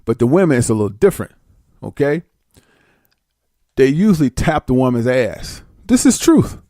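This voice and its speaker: A man's voice: mid-range voice, sing-song, moderate pace, mellow, no echo, clean studio sound. A man telling a story in a casual, blunt and profane way, slipping into voices. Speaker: vlogger.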